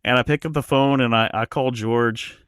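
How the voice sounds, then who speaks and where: A man guest on a podcast, telling a travel story in an animated way, often restarting his sentences. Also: mid-range voice, moderate pace, clean tone, no room sound, clean studio sound. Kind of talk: casual storytelling.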